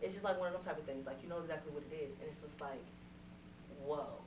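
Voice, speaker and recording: A woman's voice: deep voice, fast talker. A woman co-hosting a podcast, chatting casually, profane and laughing a lot as she tells stories. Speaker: podcast co-host. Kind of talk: casual chat. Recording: echoey room, distant mic, noisy.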